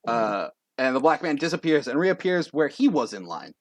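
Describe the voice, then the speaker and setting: Casual male game master, lively delivery. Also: medium pitch, moderate pace, few pauses, no echo, studio quality. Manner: casual, rambling with fillers. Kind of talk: narrating a tabletop game.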